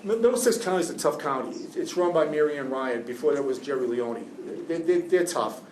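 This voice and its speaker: A juvenile defense attorney, guest-speaking to law students in a classroom, talks with raw, emotional passion, rambling and stumbling into restarts as his feeling runs high. His voice is animated, fairly quick, a little mellow, and a little high for a man. Caught on a distant mic, it rings in an echoey room over a faint hiss.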